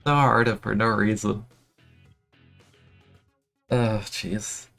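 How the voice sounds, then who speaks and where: A young man streaming a game, complaining in an exasperated, self-mocking way, with sudden high-pitched outbursts. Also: steady tone, very slow, vocal fry, fairly bright tone, soft background music. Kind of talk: casual live-stream commentary.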